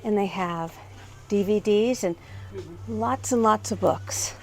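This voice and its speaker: A woman's voice: mid-range voice, slow, a little hiss or hum. A middle-aged woman hosting a casual tour of antique and thrift shops, pointing out items with fond admiration. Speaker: host touring antique shops. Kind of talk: casual walking shop tour.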